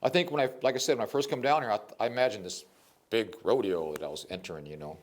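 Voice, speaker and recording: An older man, a poet, telling stories in a casual interview, animated and rambling, with frequent restarts. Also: on the low side, fast.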